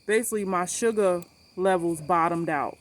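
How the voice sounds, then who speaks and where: A woman vlogging about her cancer treatment, telling a story to camera in a blunt, animated way, swearing freely and repeating points for emphasis. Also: lowish voice, normal speed.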